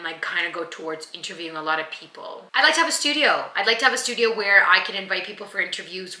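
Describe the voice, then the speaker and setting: A woman's voice: lowish voice, sharp tone. A young woman who acts, reflecting on her year in an earnest, rambling way for her vlog channel. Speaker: vlogger and actor. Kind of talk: casual year-end vlog. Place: home. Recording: echoey room.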